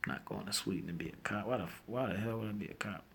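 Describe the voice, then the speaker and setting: A man hosting a casual news commentary, reading headlines aloud and breaking off into rambling, slangy asides and loud disbelief. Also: on the low side, quick pace, slight background noise. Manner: reads headlines then reacts with loud disbelief.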